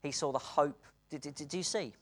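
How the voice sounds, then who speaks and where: A British preacher delivering a sermon, earnest, moving between hushed and excited passages and laughing between points. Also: medium pitch, normal speed. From Britain.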